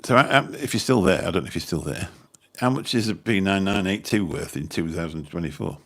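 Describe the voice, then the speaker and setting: His voice is low, a bit bright, and fairly quick, carrying a Birmingham, England accent. As the channel host, he rambles through a casual chat with his livestream audience, with some mild swearing.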